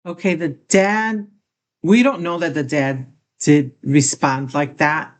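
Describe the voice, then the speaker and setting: A woman's voice: deep voice, steady tone, takes it slowly. An older woman reacting to a clip, commenting in an indignant, critical way. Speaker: reaction video host. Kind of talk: casual commentary.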